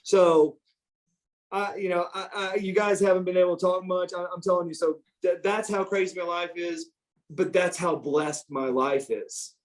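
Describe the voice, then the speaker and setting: A middle-aged man, an interview guest, telling stories in a casual, animated way, repeating words and acting out quotes. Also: sits high, normal speed. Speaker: interview guest, former pro wrestler. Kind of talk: casual storytelling.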